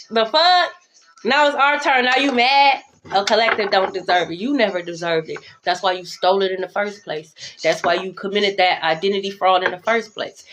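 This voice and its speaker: Brash, profane high-voiced woman tarot reader. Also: pushed and bright, slight background noise. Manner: brash, profane, sings along and shifts pitch playfully. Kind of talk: casual tarot reading monologue.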